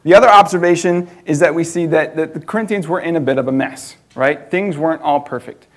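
A man's voice: a little high, fairly quick. A man preaching an informal sermon, chatty, laughing often and restarting his sentences.

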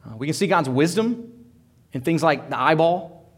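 A man's voice: fairly high pitch, expressive, normal speed. A man preaching a sermon as pastor, earnest, with frequent restarts and rising questions.

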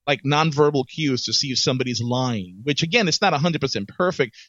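A man co-hosting a casual podcast chat as an HR professional, animated and repeating his words as he starts each thought. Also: mid-range voice, no room sound. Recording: dull, slightly lo-fi dry sound.

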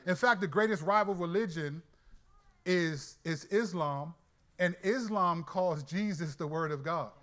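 A man teaching about the Bible in an animated, colloquial sermon style, often restarting sentences as he gets excited. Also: sits high, unhurried.

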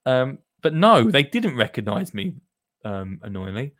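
A man's voice: medium pitch, sing-song, moderate pace, fairly bright tone, no room sound, studio quality. A man hosting a gardening show, chatting casually and jokily with listeners. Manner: chatty and jokey, with asides to listeners. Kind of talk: casual radio-style show chat.

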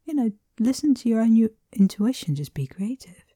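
A woman hosting a reflective solo podcast, meandering gently with soft laughs and whispered asides. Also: fairly high pitch, big pitch swings, moderate pace, no echo, clean studio sound. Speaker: podcast host.

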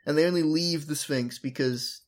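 A woman's voice: deep voice, normal speed. A young adult woman hosting a podcast, recapping an episode bluntly with swearing and mockery. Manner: blunt, swears, mocking, does funny voices. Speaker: podcast host.

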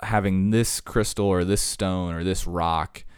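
A man's voice: sits low, steady tone, unhurried, clean tone, no echo, clean studio sound. A man talking casually, rambling through stories with lots of fillers and asides.

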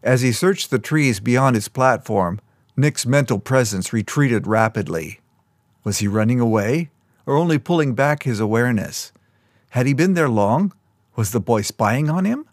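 A man reading scripted fiction aloud in a measured, even storytelling manner. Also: mid-range voice, dry recording, clean studio sound. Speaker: audiobook narrator.

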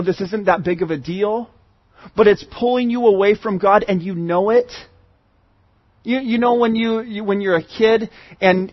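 A man preaching a sermon in an earnest way, moving between loud pleading and hushed asides. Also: high voice, dry recording, highs cut off.

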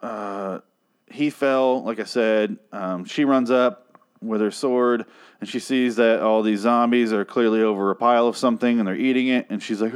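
A man's voice: mid-range voice, a little fast. A man giving a profane, exasperated review of a TV episode, ranting and mocking the characters in put-on voices.

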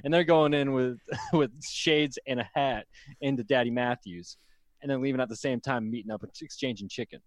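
A man's voice: mid-range voice, fairly quick, no room sound. A young man from Iowa co-hosting a comedy podcast in casual banter, laughing often. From Iowa, USA. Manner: laughs often, acts out quoted people.

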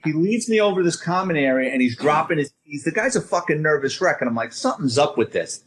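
A middle-aged man spins a long police story, swearing freely and acting out each voice. His voice sits a little high for a man. He speaks in casual podcast banter. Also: quick pace, husky. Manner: profane, animated storyteller acting out dialogue. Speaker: storytelling guest, former police officer.

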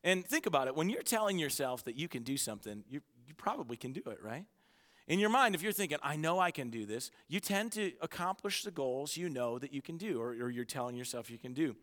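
A man preaching a sermon to his church, with energetic storytelling and self-mocking humor. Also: a little high, fairly quick, long reverb tail. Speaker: pastor. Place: church auditorium.

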